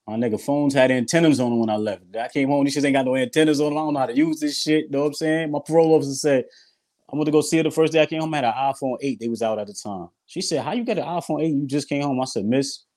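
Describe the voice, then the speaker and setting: Fast-talking man telling stories. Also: medium pitch, steady tone, a little mellow. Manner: fast, conversational, quotes others. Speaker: guest, former prisoner. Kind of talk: casual storytelling chat.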